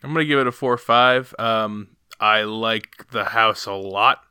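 A man co-hosting a casual movie review chat, easygoing and chuckling, halting with fillers. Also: on the low side, sharp tone, clear, resonant tone, no room sound, studio quality. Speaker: podcast co-host.

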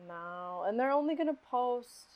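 A woman guest in a casual podcast chat, frank and quick to agree, often chiming in with short remarks. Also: a little high, animated. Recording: muffled lo-fi audio.

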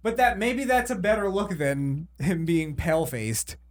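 Lively joking male podcast host. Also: high-pitched, unhurried. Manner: joking, profane, laughs often. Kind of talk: casual chat.

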